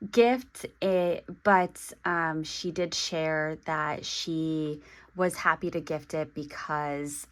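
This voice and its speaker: A woman in her forties talking through an unboxing vlog, halting and hesitant, with many pauses and restarts. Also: low voice, a bit bright. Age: 40s. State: emotional, getting teary. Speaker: stationery vlogger.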